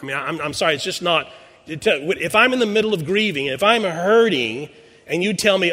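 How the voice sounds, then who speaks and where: His high-pitched, bright voice is animated and forceful, moving fairly quickly. This man is a pastor in his sixties sharing a personal story in a sermon, talking conversationally and frequently restarting his words, recorded with long reverb in a large hall.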